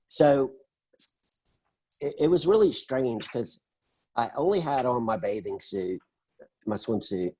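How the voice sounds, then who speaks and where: A middle-aged man in an interview, telling his story in an animated, conversational way and acting out the voices of the people in it. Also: on the low side, husky, poor audio. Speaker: interview guest.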